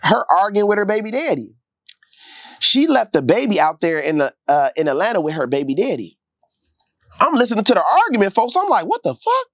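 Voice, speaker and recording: Interview guest, man, animated slangy storyteller who acts out quotes; bouncy intonation, dry close sound. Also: high voice, fairly quick, dry recording. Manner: gets loud and heated late in the telling.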